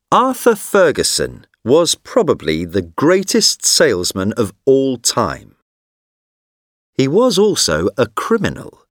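A man giving scripted narration for a textbook listening exercise, reading slowly, clearly and expressively into a studio microphone. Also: mid-range voice, no room sound.

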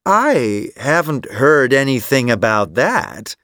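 A man voicing a rich male tourist who is polite and eager, speaking plainly and slowly in a textbook listening story. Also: medium pitch, big pitch swings, sharp tone, no room sound, clean studio sound, heavily acted.

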